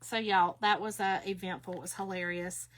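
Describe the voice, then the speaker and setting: A woman's voice: on the low side, steady tone, moderate pace, a bit bright. A middle-aged woman, hosting a craft livestream and chatting folksily with viewers. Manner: folksy, talks straight to viewers with "y'all" and "okay?".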